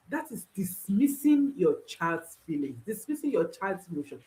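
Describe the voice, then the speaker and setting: A woman's voice: medium pitch, big pitch swings, normal speed, a bit bright, poor audio. A woman speaking as a parenting coach, giving an instructional talk and repeating key phrases for emphasis while reassuring listeners directly.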